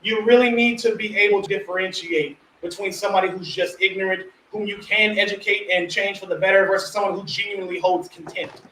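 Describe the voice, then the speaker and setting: A man's voice: high-pitched, steady tone, quick pace, hardly any pauses, pushed and bright, echoey room, slight background noise, poor audio. A man talking casually on a live stream, laid-back and profane, padding his talk with "you know what I mean.". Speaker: guest.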